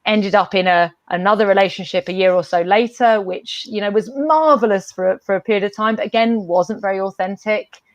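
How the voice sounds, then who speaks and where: A woman's voice: mid-range voice, a little fast, few pauses, dry recording, highs cut off. A woman guest speaking casually and reflectively, with frequent "you know" fillers and restarts, on a video call. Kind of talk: casual conversation.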